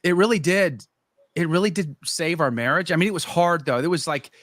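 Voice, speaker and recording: A man's voice: fairly high pitch, a little fast, fairly bright tone, no echo, studio quality. A middle-aged man, a podcast guest, animatedly telling his conversion story in casual conversation and acting out his own past thoughts.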